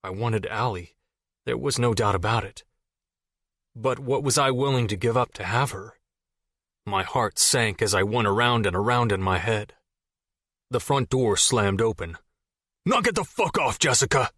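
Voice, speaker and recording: A man with a fairly low voice narrates a fantasy novel in the first person. His reading is steady and measured, recorded close in a dry studio. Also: no room sound. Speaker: audiobook narrator.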